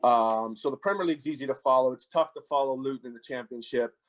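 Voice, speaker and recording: A relaxed American man talking as a podcast guest, trading jokes with the hosts. His voice has an ordinary, mid-level pitch. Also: quick pace. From United States. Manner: easygoing, joking. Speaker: guest, former goalkeeper. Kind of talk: casual podcast interview.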